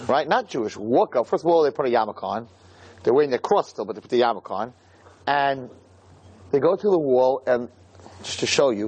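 A man's voice: medium pitch, a little mellow, breathy edge, low-quality recording. A man giving a heartfelt, storytelling religious lecture, stumbling over restarts and rising to fervent emphasis. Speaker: Jewish lecturer. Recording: recorded on camera, live talk.

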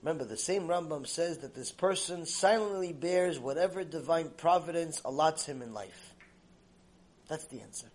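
A man giving a religious lecture, telling stories in an animated, emphatic way. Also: on the high side, normal speed. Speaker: religious teacher. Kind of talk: recorded Torah lecture with storytelling.

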